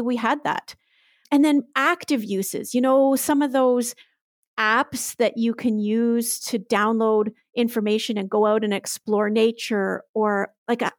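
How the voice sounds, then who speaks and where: A woman's voice: on the high side, no echo, studio quality. A woman, explaining earnestly in a podcast interview, often tagging lines with "right?". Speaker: guest expert.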